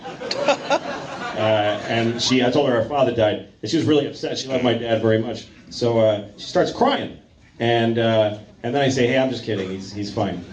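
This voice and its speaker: A man doing a stand-up set at a comedy club stage, telling crude bits in a halting, deadpan way full of fillers, into a handheld mic. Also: mid-range voice. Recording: roomy club, loud laughing crowd. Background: laughing audience.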